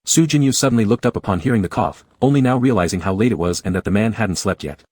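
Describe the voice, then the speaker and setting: Male narrator for a romance audiobook, low husky voice, dry close sound, even reading. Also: fast, few pauses, no echo. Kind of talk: scripted narration of a romance novel.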